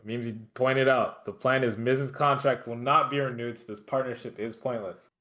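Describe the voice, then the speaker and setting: A man's voice: mid-range voice, steady tone, normal speed, bright, forceful tone. A man co-hosting a podcast, recapping matches in loose, rambling casual chat full of swearing. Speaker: podcast co-host recapping wrestling.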